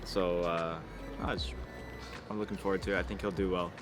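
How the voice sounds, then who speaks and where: A man, a racing coach, chatting casually in a relaxed, joking, low-key way. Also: fairly quick. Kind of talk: casual chat. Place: outdoors in a city. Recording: music playing under the voice.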